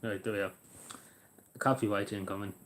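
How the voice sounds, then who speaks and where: A man's voice: lowish voice, flat delivery, normal speed, loud music behind the voice. An Irish man chatting casually on a livestream, rambling and hesitant, swearing now and then.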